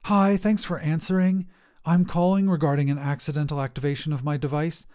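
A man voicing an exasperated nineteen-year-old woman on a phone call, quick to anger and pleading. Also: a little high, little pitch movement, a little mellow, natural voice. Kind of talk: audio drama reading.

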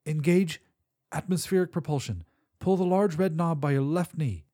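A man voicing a wounded, calm female starship captain who gives steady, commanding orders. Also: on the high side, normal speed, voice pushed up, lightly acted.

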